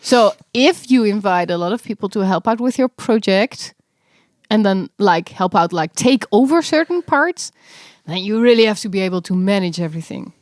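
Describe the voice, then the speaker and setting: A woman's voice: mid-range voice, lively intonation, normal speed, no echo, clean studio sound. A young adult woman co-hosting a podcast in casual chat, chatty and laughing often. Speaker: podcast co-host.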